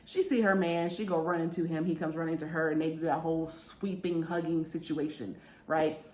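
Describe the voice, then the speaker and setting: A book vlogger with a low, slightly mellow voice talks briskly to her viewers about a book, keeping her intonation fairly even. It's a chatty, digressive conversation, recorded in a roomy space with faint noise.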